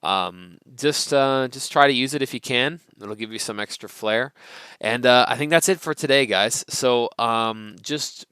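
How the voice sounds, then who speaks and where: Young American male teacher, casual and filler-heavy, crisp smooth tone. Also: mid-range voice, a little slow, dry recording. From North America. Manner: relaxed, chatty, many fillers like um and right. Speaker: English teacher. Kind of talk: casual video lesson.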